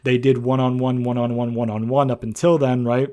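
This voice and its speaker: A young man recapping and reviewing a wrestling show in a loose, rambling way, swearing freely and filling pauses with "um". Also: medium pitch, level tone, warm tone. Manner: rambling, profane, frequent fillers. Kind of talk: casual recap and opinion.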